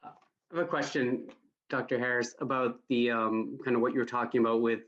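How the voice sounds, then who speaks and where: A man's voice: medium pitch, steady tone, fairly quick, fairly bright tone, muffled recording. A man attending a training session over a video call, asking a question hesitantly and thinking aloud. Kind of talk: question from the audience.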